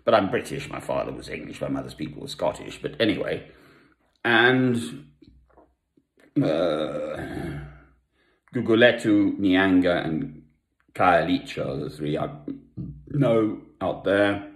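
Deep-voiced older man rambling in an echoey room. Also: animated, creaky. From South Africa. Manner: meandering, with long pauses and asides. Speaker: Christian vlogger. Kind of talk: rambling personal monologue. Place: home.

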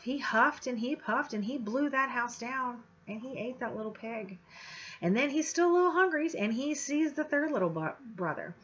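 A woman's voice: a little high, animated, normal speed, fairly bright tone. A woman teacher giving an informal, chatty lecture with many fillers and restarts. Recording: slightly dull lo-fi audio.

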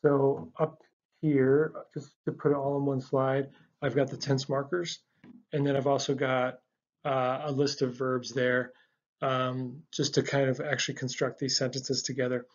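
A language teacher narrates a casual, slide-based lesson, walking through it patiently step by step in a medium-pitched, flat, unhurried voice. He says "um" a lot and often restarts his sentences, and the recording is muffled.

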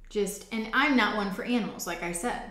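A woman's voice: mid-range voice, brisk, sharp tone. A woman hosting a faith ministry show, telling a personal testimony story in an earnest, conversational way with frequent restarts. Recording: roomy echo.

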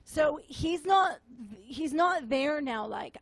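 A woman minister giving a tearful, halting sermon testimony to a room, often repeating her words. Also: high voice, animated, dry recording. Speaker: prophetic minister. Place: meeting room with audience.

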